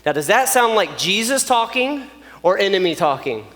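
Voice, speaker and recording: A man, preaching a joking, animated youth sermon straight to his audience. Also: high-pitched, normal speed. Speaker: youth pastor. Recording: long reverb of a large hall.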